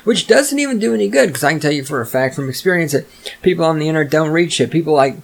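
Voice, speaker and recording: A man's voice: fairly high pitch, animated, fast talker, vocal fry. Profane, sarcastic man ranting. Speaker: podcast host. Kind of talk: solo rant monologue.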